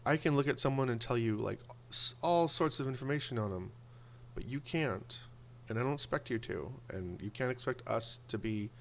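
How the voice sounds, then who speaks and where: Gravelly man telling casual stories. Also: lowish voice, slight background noise. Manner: animated, acts out quoted voices. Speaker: video blogger. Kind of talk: casual storytelling monologue.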